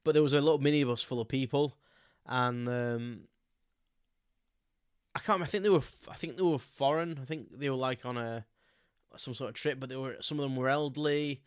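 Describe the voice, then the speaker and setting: A man's voice: mid-range voice, moderate pace, clean tone, dry recording, clean studio sound. A man, hosting a podcast and telling a story in a loose, rambling way, with many ums and frequent chuckles. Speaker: podcast host. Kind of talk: casual storytelling monologue.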